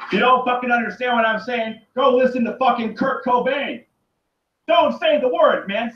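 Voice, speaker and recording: High-voiced man ranting in an echoey room. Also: moderate pace. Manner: profane, rambling and repetitive, often shouting. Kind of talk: angry solo rant to camera. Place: room by a running turtle tank. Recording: echoey, distant, dull lo-fi. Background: running water.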